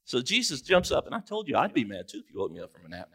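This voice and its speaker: A man preaching a sermon as pastor in a church, in a relaxed conversational way with joking asides. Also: medium pitch, fast talker, husky. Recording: distant mic in a church.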